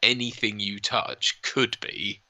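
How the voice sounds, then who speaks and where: A man with a deep voice and a sharp, bright edge, talking quickly in a casual co-host chat. He strings asides together, and the sound is dry and close on a clip-on mic. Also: fairly even intonation, vocal fry, dry recording. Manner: fast, chatty, trailing asides. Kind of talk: casual watch-party chat. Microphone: lavalier.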